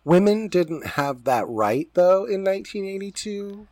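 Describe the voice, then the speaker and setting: A man co-hosting a podcast who chimes in with dry, crude asides. His voice is slightly high and moves around a lot, recorded close and dry. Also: sing-song, unhurried, a little mellow, no echo. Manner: wry, profane quips. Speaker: podcast co-host. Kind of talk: casual recap chat.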